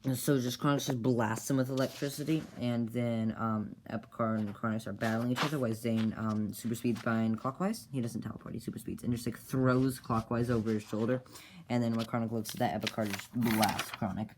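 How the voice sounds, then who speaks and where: Rambling man retelling a story, average pitch, faint hiss and clicks. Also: level tone, brisk, a little mellow. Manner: rambling, full of fillers and restarts.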